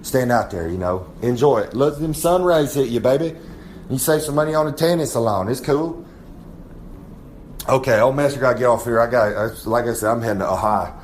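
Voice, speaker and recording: Swaggering wrestler bragging. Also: male voice, medium pitch, a little fast, a little mellow, slight background noise. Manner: swaggering, rambling, drawling brag. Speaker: wrestler giving a comic segment. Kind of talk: boastful in-character monologue.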